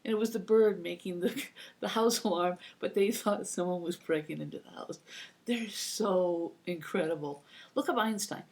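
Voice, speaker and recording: A woman's voice: fairly low pitch, moderate pace. A woman in her fifties telling rambling personal stories to her computer mic, acting out the voices of the people she quotes. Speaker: vlogger. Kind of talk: casual anecdotal storytelling.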